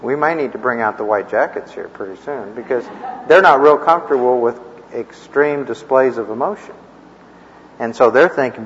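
A man's voice: medium pitch, moderate pace, a little hiss or hum. A man teaching a church class in a rambling, folksy way, with chuckling asides and homespun stories. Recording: echoey, dull lo-fi room recording.

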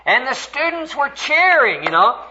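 An older man preaching a sermon, earnest and animated as he tells a story, voice climbing high when stirred. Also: unhurried, a little hiss or hum. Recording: dull, lo-fi recording.

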